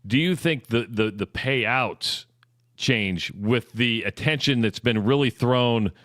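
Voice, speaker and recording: A man co-hosting a radio show, talking in a casual, halting way and often restarting his questions. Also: medium pitch, fairly bright tone, no room sound, clean studio sound. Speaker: radio co-host. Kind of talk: casual sports radio chat.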